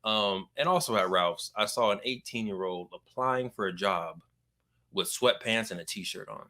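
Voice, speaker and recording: A man's voice: fairly low pitch, normal speed, bright, forceful tone. A young adult man hosting a podcast in casual chat, telling stories animatedly and acting out the people he quotes. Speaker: podcast host.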